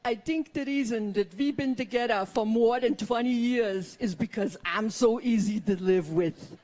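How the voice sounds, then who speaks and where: A woman's voice: on the high side, moderate pace, darkish tone, natural voice. A woman voicing her middle-aged husband with an Austrian accent, who says plain things urgently. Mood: earnest. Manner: urgent, emphatic delivery.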